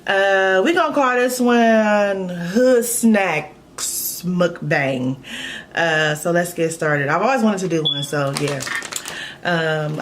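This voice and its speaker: A woman's voice: fairly low pitch, noisy background. A woman from Los Angeles chatting casually through a mukbang vlog at home, laid-back and swearing freely. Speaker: mukbang vlogger. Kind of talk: casual chat.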